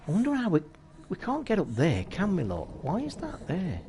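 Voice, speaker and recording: Swearing streamer, chatty. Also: male voice, high voice, wildly swooping pitch, normal speed, a little mellow, slight background noise. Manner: chatty, swears constantly, talks to chat. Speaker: live streamer. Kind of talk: casual live gameplay commentary.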